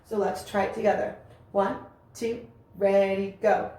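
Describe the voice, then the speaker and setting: A woman's voice: medium pitch, flat delivery, measured pace. A woman teaching a music lesson, explaining rhythms and chanting rhythm syllables aloud with encouragement. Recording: very echoey room with faint ambient noise.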